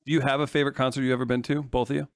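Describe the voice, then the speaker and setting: A man's voice: medium pitch, level tone, very fast, dry recording, clean studio sound. A man hosting a casual chat, playful and asking questions.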